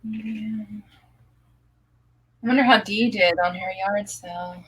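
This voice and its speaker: A woman's voice: mid-range voice, slow pace, fairly bright tone, slightly rough, rough recording. A woman hosting a live online hangout, chatting casually and laughing easily. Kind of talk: casual chat.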